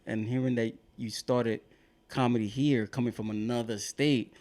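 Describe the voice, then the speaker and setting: A man's voice: mid-range voice, fairly even intonation, normal speed, darkish tone. A man hosting a podcast, asking questions in loose, chatty speech full of fillers. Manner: loose and conversational, many fillers like "like" and "you know". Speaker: podcast host. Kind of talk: casual interview chat.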